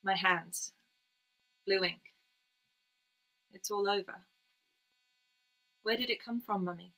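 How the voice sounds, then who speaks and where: A woman's voice: mid-range voice, takes it slowly, pushed and bright, heavily acted. A woman voicing a small girl who pleads with her mother in a breathless, tearful way. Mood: pleading.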